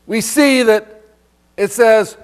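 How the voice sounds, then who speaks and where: High-voiced man preaching conversationally. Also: takes it slowly, smooth. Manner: conversational preaching with rhetorical questions, reading scripture aloud. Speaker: pastor. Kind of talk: sermon.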